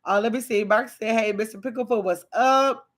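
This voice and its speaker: A woman's voice: on the high side, moderate pace. A woman hosting a casual livestream, chatting with viewers and reading their comments aloud in a rambling, conversational way. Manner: chatty, reads viewer comments aloud, talks to chat directly; rambling and conversational, with sudden excited bursts. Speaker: livestream host.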